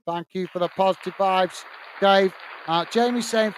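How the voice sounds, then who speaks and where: A man's voice: high-pitched, moderate pace, smooth. A man hosting a football watch-along, calling the play casually and reading out viewer messages. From England. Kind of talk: live fan commentary and chat reading.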